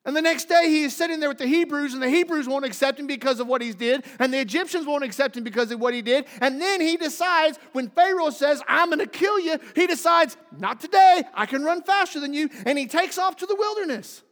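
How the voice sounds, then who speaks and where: A high-pitched male pastor preaches a sermon, telling a story with dramatic swings from forceful emphasis to near-hushed intimacy. The sound carries the long reverb of a church hall. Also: fast, few pauses.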